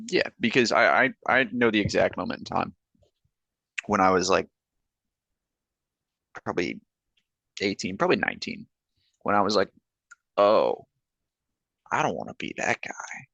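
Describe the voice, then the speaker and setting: A young man with a deep, gravelly voice talks in a relaxed, halting way as a podcast guest. The recording is dry and close. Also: no echo. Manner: laid-back, hesitant, lots of fillers. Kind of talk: casual chat.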